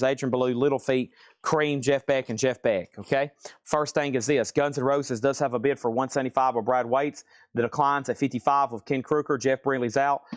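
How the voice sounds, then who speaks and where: A man hosting a live-stream vinyl auction, rattling off titles and prices in quick, chatty patter. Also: medium pitch, clear, resonant tone, no room sound, clean studio sound.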